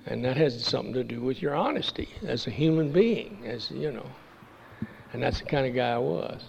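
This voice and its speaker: Gravelly man telling his story in a meeting hall. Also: mid-range voice, slight background noise. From Texas, USA. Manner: halting, folksy storytelling. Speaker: speaker at a recovery meeting. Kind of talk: personal testimony at a meeting. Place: meeting room. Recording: dull lo-fi recording with long hall reverb.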